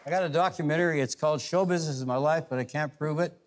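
A man telling stand-up jokes on a stage with quick punchlines. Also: on the high side, noisy background. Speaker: stand-up comedian. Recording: long hall reverb.

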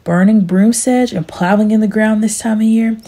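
Self-pitying old farmer, read by a woman, pleading, husky and gravelly. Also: mid-range voice, steady tone, normal speed, warm tone, close to an everyday voice. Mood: complaining. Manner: pleading, complaining delivery. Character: aging male poor farmer, self-pitying and whiny.

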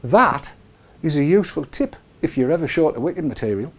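A man's voice: fairly high pitch, animated, a little fast, slightly rough. A middle-aged man hosting a casual live webcast, joking and rambling with chuckling asides. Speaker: show host.

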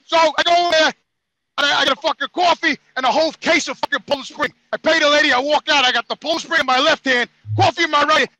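High, bright-voiced New man ranting. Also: fairly even intonation, fast talker, no echo, low-quality recording. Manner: exasperated, heavy swearing, acts out quotes. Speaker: podcast regular. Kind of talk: profane storytelling rant.

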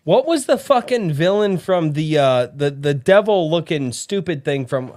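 A man's voice: a little high, a little slow. A man hosting a casual live-streamed podcast, rambling and swearing as he chats with his co-hosts. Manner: rambling, profane, lively. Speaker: podcast host.

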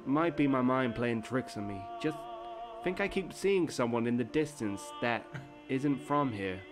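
A man's voice: mid-range voice, lively intonation, measured pace, close to an everyday voice. A man voicing a polite, reserved young hero who narrates a story game in mild, formal phrasing. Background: game music.

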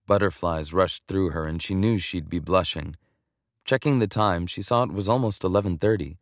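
A man reading a romance audiobook in a measured, even storytelling manner. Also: sits low, no echo, studio quality. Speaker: audiobook narrator. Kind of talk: scripted romance narration.

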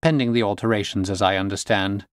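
Putting on the role of a sharp, authoritative gentleman detective who snaps out orders, a male narrator gives a lightly acted, brisk performance. His voice runs low and the delivery is raised and energetic. The sound is dry and close-miked.

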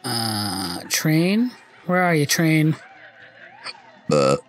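A man's voice: on the high side, huge pitch swings, very slow, faint music behind. A young man commenting on his own gameplay, frustrated and cursing often. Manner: frustrated, swearing, muttering.

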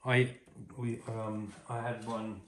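A man's voice: lowish voice, level tone, slow pace. A man chatting casually, laid-back, mostly giving short agreeing replies. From Australia. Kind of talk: casual chat. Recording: roomy with loud noise.

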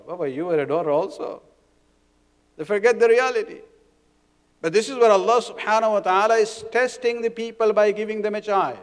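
A man delivering a sermon in a community centre hall, his voice somewhat high for a man and smooth, clear and resonant. He explains things patiently, restarts often and mixes Arabic terms into his speech. A long reverb from the hall trails behind his words. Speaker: religious lecturer.

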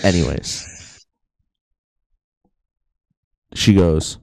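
A man's voice: sits low, expressive, a little slow, creaky, darkish tone, dry recording. A young man co-hosting a podcast, telling a rambling story in a casual, joking way. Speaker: podcast co-host. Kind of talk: casual chat.

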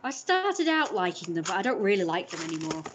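A woman's voice: on the low side, very animated, brisk, a little hiss or hum. A young woman streaming casually, chatting in a rambling way while she cooks and opens parcels, often stopping to correct herself. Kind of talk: casual chat.

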